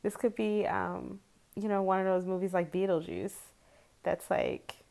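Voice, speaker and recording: A woman's voice: medium pitch, fairly even intonation, unhurried, creaky, mellow. A woman in her forties, chatting casually to camera as a tarot video creator, rambling and chatty, with frequent giggles.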